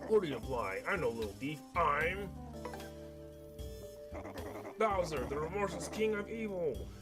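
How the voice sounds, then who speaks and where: A man plays a brash game villain king, loud and boastful, with a lively, bouncing voice. He bellows his demands over game music. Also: fairly high pitch, a little slow. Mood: blustering. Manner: blustering and loud.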